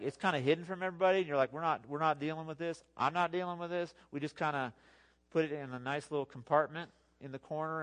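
A pastor delivers a sermon in a slightly high voice, speaking to his congregation conversationally and with animation, dropping in asides along the way.

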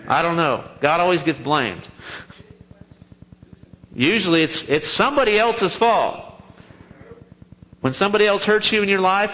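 A man preaching a sermon to his congregation, telling the story in a lively, joking way and acting out the quoted lines in a raised voice. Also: fairly high pitch, low-quality recording. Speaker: pastor.

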